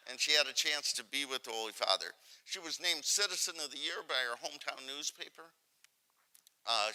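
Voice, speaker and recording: A man moderating a university panel, introducing the guests with measured pacing, frequent uhs and light humor. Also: medium pitch, bright, forceful tone, rough recording. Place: university lecture hall.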